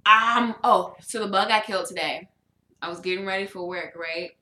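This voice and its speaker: A woman's voice: medium pitch, normal speed, echoey room, background noise. A young woman co-hosting a casual podcast, telling a story with lots of swearing and laughter. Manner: animated storytelling, swears a lot, laughs often. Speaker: podcast co-host. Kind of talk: casual chat.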